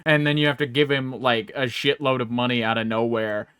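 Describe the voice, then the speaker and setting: A young man spins long, rambling stories on a casual podcast, swearing freely and breaking into comic voices. The recording is dry and close, with his voice sitting at a middle pitch. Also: fairly quick, clean tone, no room sound. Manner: rambling, profane, animated, puts on comic voices. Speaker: podcast co-host. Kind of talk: casual banter, storytelling with silly voices.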